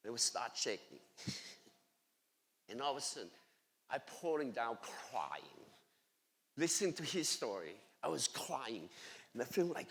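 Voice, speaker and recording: A man giving an excited, emphatic personal testimony at church, speaking in broken grammar. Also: medium pitch, a little slow, long pauses. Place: church sanctuary. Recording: long echoey church hall reverb.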